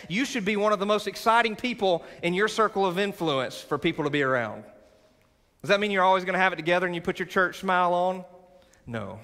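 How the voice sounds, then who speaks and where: A man's voice: high-pitched, fast talker, bright, forceful tone. A male pastor preaching a sermon to his church, with rising emphasis and call-and-response moments. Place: large church sanctuary. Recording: sanctuary with long reverb.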